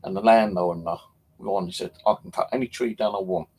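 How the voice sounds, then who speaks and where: A man's voice: low-pitched, fairly quick, gravelly, dark tone, slightly rough. A man hosting a paranormal channel, chatting casually on a livestream, rambling with lots of fillers and casual swearing.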